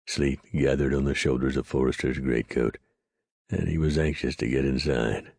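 A man narrating an audiobook in a steady, measured storytelling voice. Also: very deep voice, husky, no echo, clean studio sound. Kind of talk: scripted narration.

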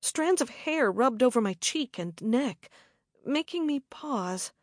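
Slow, dramatic female storyteller. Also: high voice, animated, dry recording, clean studio sound. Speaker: audiobook narrator. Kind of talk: scripted first-person narration.

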